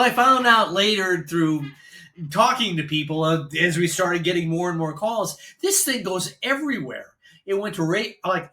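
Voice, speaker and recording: A man's voice: high-pitched, pushed and bright. An older man from Illinois telling a long personal story in a casual, rambling way, with profane asides. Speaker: vlogger and storyteller.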